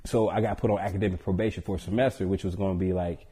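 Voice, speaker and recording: Animated joking man with a low voice. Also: rapid-fire, breathy edge. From Georgia, US. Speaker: podcast guest, barber. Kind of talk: casual storytelling.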